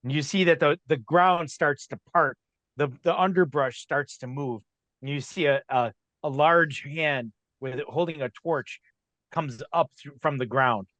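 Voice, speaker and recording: A man narrating as game master in a tabletop game, unhurried and often restarting his sentences. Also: on the high side, a bit bright, no echo.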